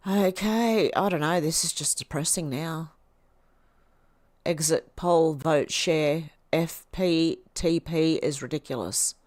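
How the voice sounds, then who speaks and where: A woman's voice: low voice, slow pace, a little mellow, no room sound. A woman hosting a livestream, reading posts aloud and reacting in a chatty way. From Australia. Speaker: livestream host.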